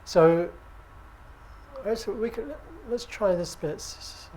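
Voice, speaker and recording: A British man teaching at an acupuncture conference, speaking in a relaxed, conversational way and often checking with the audience. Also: high voice, slow, slight background noise. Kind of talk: conference lecture. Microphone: handheld microphone.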